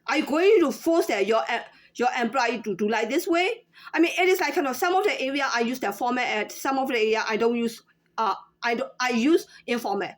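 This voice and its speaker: A woman in her thirties or forties speaking in a casual unscripted monologue, halting with many fillers and restarts. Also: fairly high pitch. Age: 30s to 40s. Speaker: former store employee.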